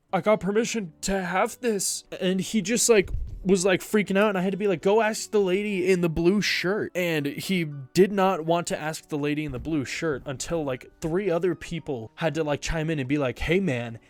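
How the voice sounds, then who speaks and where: A young man vlogging, telling a story casually with lots of fillers. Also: a little high. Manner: rambling, filler-heavy retelling.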